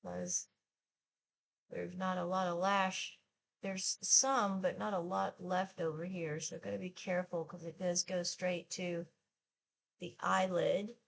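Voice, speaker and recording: A woman's voice: on the low side, flat delivery, vocal fry, slight background noise. A woman in her sixties chatting casually while she applies her makeup for a get-ready-with-me video. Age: 60s. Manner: slow, chatty, talks while applying makeup. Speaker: beauty vlogger.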